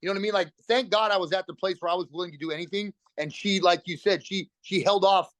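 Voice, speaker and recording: A middle-aged man telling a raw personal recovery story as a podcast guest, talking fast and bluntly with emotion and free swearing. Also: high voice, fairly even intonation, fairly bright tone, no room sound.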